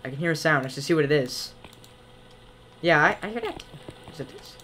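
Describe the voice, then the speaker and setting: A gaming creator playing a horror game, reading the on-screen text aloud and joking back at it, sometimes yelling playfully in tense moments. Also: medium pitch, lively intonation, fairly quick, a little hiss or hum.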